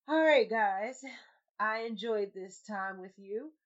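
Woman podcast host, mid pitch, loud jokey banter, slightly muffled lo-fi sound. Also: lively intonation, takes it slowly. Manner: loud, laughing, swearing slang banter. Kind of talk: casual podcast chat. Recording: slightly dull lo-fi podcast audio.

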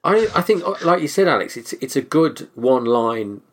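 A man co-hosting a film podcast, chatting casually with quick, opinionated jokes. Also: mid-range voice, big pitch swings. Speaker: podcast co-host.

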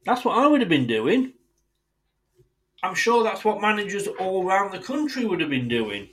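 A man's voice: sits high, very animated, moderate pace, fairly bright tone, low-quality recording. A man hosting a football fan podcast, delivering an indignant, sweary solo rant addressed straight at his club's owners.

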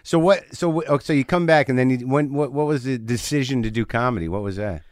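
A man hosting a podcast interview, dropping quick interjections and curious follow-up questions. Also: mid-range voice, dry recording, studio quality. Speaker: podcast host. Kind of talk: casual interview chat.

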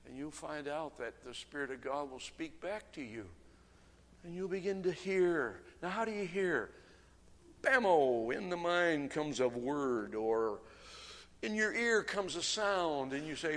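A man preaching a sermon, swinging from shouting to hushed, near-whispered urging. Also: on the high side, expressive, a little slow. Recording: reverberant hall, faint room noise.

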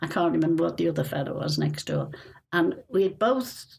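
A woman's voice: on the low side, wildly swooping pitch, brisk, gravelly, a little mellow. An older woman from Liverpool, a retired nurse, telling stories from her training in a chatty, laughing way during an oral history interview.

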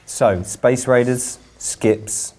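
A man's voice: medium pitch, steady tone, very slow, mellow. A man hosting a podcast in casual chat, steering the talk with dry remarks. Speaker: podcast host.

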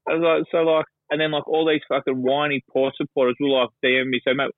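A man's voice: fairly high pitch, steady tone, fast talker, no echo. An Australian man chatting about sport as a guest pundit, rambling and swearing, with plenty of fillers. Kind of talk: casual sports chat. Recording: dry phone-line call.

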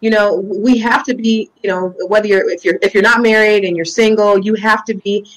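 A woman's voice: mid-range voice, steady tone, a little fast, low-quality recording. A woman hosting a casual interview, encouraging and emphatic, repeating her key lines. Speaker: host.

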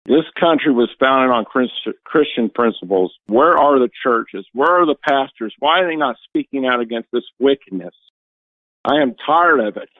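A man's voice: mid-range voice, expressive, normal speed, no echo. A man calling in to a talk radio show, speaking with earnest, emotional, preacher-like fervor. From Indiana. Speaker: caller. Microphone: phone. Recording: tinny phone line, dry.

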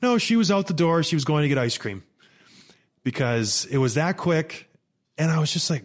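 A man in his thirties telling a story in a casual, animated, exasperated monologue. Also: on the high side, moderate pace. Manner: animated, exasperated, rambling with restarts. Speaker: vlogger.

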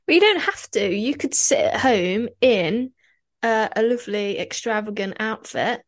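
Fairly high-pitched and lively in intonation, a young woman banters casually as a podcast co-host, teasing easily and laughing often. The studio sound is clean, without any room sound.

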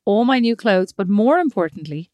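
A woman's voice: medium pitch, animated, moderate pace, a little mellow, no echo. A woman, co-hosting a podcast in a reflective, teasing way with many fillers. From Ireland. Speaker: podcast co-host. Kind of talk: casual chat.

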